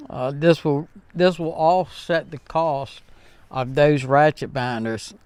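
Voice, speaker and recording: A man hosting his own vlog, talking earnestly and heartfelt to viewers in a halting way, with many fillers and restarts. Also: a little high, darkish tone, smooth, no echo. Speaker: channel host. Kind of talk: casual vlog talk to viewers.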